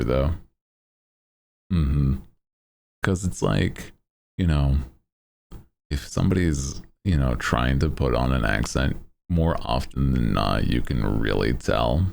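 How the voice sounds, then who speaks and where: A man's voice: extremely low pitch, creaky, darkish tone. A man streamer in casual chat, rambling in a laid-back way with lots of "like" and "dude," speaking into a desk microphone.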